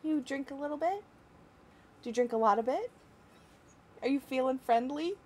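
A woman's voice: high voice, lively intonation, moderate pace. A young woman streamer, reading chat aloud and giggling in casual talk.

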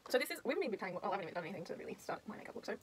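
A young woman chatting quickly and casually while doing her makeup, giggling and swearing freely. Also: mid-range voice, big pitch swings. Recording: noisy home recording.

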